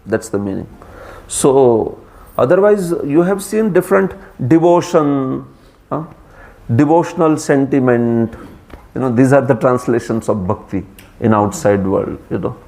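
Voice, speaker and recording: Indian-accented man, mid-pitched, teaching a class: lively, quick to laugh, quizzes his students. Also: creaky. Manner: lively, laughs often, asks the class questions. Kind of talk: class lecture. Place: class streamed live.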